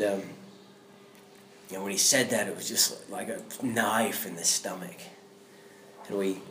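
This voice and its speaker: A man's voice: lowish voice, a little hiss or hum. A man giving an earnest personal faith testimony that builds into fervent, preacher-like outbursts. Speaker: guest sharing a faith testimony. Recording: roomy echo.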